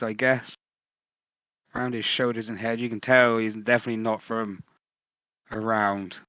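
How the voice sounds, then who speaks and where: Hesitant, slow-spoken male player. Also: on the low side, fairly bright tone, no echo, low-quality recording. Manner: hesitant, searching for words. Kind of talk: describing his character in a tabletop game.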